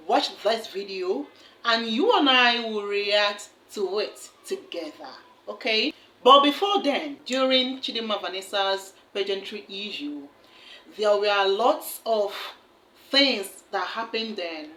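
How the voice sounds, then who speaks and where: A woman's voice: medium pitch, a bit bright, echoey room, a little hiss or hum. A woman hosting a casual reaction video, chatty and often checking in with her viewers. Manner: chatty, keeps asking "okay?". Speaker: host.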